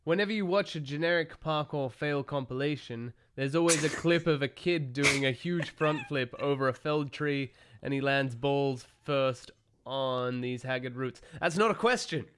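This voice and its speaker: A man's voice: medium pitch, moderate pace, few pauses, noisy background. A man co-hosting a podcast, reading listener questions aloud in casual chat and swearing now and then.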